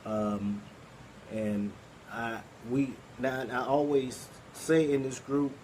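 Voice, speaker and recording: A man's voice: medium pitch, steady tone, takes it slowly, darkish tone, slight background noise, poor audio. A man with a Southern Arkansas accent hosting a poetry group, talking casually and rambling with many fillers and restarts. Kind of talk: casual live-stream talk.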